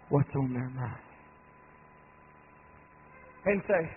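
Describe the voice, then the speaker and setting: A man preaching a sermon, building to shouted climaxes and then dropping low and soft. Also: lively intonation, normal speed, pauses often. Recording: tinny phone-like radio broadcast with faint noise.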